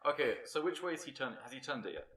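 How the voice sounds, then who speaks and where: Male player, lively and bright, wisecracking, echoey room with faint hiss. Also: medium pitch, racing, far from the mic, a loud crowd. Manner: joking, laughing often.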